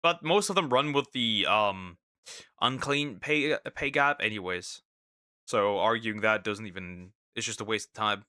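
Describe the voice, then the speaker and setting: A man's voice: lowish voice, unhurried, pushed and bright, no echo, clean studio sound. A man streaming and reacting to clips in casual commentary, talking hesitantly with many restarts and repeated words.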